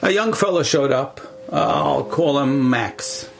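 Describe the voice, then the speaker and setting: A man, a rabbi, telling a story in an animated way and acting out the dialogue. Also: mid-range voice, a little slow, creaky, faint music behind, rough recording. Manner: animated, acts out the dialogue, uses Yiddish words. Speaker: rabbi at a camp. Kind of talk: storytelling talk.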